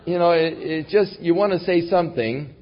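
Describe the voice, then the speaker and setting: A male pastor delivering a sermon with emphatic swings between booming declarations and hushed passages. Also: normal speed, a faint crowd, a little hiss or hum. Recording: dull lo-fi recording.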